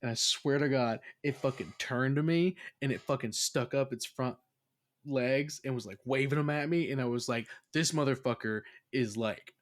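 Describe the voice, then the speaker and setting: A man's voice: medium pitch, normal speed. A man hosting a casual podcast chat, telling a story with lots of animation, swearing and laughter. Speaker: podcast host.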